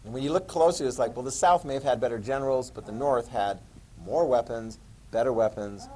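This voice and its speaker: A man teaching a history class, quizzing students with questions and joking asides in an animated lecture. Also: medium pitch, fairly quick, a little hiss or hum, low-quality recording.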